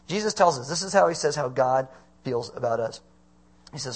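A man's voice: medium pitch, lively intonation, moderate pace, slightly rough. A middle-aged man preaching a conversational sermon as pastor, asking the congregation questions.

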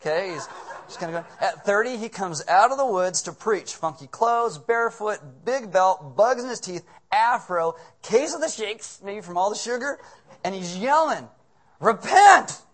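A man preaching a comedic sermon as pastor, animated and full of casual asides and jokes. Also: sits high, normal speed.

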